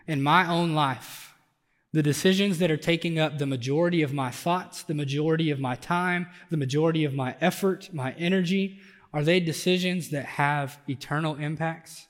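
Pastor guy preaching, kinda high voice, lots of hall echo, gets fired up on the big points. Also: normal speed. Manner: conversational preaching, rising intensity on emphatic points. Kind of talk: sermon. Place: church sanctuary.

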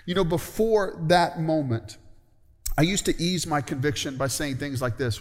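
Man, middle-aged, pastor preaching a sermon, slightly high voice, long church-hall reverb. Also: moderate pace. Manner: conversational, calls out for amens.

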